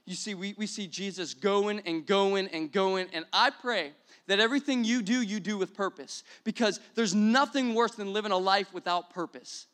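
A young man preaching a sermon as pastor, energetic and repetitive, building to exclamations. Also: high-pitched, normal speed, hardly any pauses.

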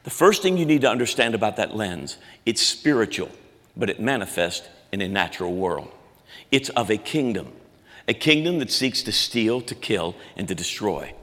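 Guy preaching, gets loud then drops real low, echo of a big church hall. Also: sing-song, moderate pace. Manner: dynamic preaching, swinging between loud emphatic and low quiet lines. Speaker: pastor. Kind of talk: sermon.

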